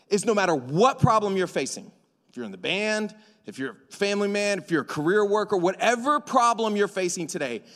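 A man preaching a sermon to a church congregation, animated and joking, acting out dialogue in slang. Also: sits high. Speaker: pastor. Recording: long hall reverb.

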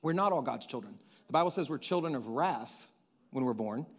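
A man's voice: medium pitch, animated, a little fast. A man preaching a sermon in a conversational way, joking with the congregation and asking it questions.

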